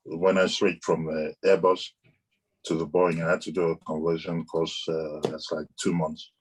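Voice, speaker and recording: A man's voice: very deep voice, little pitch movement, normal speed, husky. A man, an airline pilot, explaining things patiently in a casual interview, with frequent restarts.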